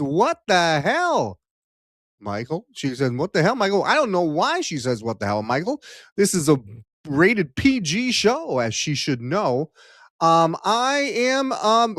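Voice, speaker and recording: A man's voice: high-pitched, no echo, clean studio sound. A man hosting a live-streamed talk show, joking with the audience in a playful, showy way with lots of fillers. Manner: jokey, showman energy, many fillers.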